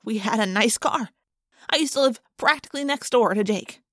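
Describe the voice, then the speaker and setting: A woman narrating a first-person audiobook in a brisk, expressive way. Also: a little high, dry recording, studio quality.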